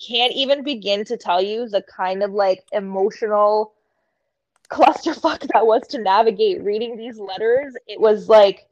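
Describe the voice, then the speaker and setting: A woman's voice: mid-range voice, unhurried, a little mellow, no echo, lo-fi sound. A woman from Canada, a podcast guest, telling emotional stories in casual chat and swearing freely.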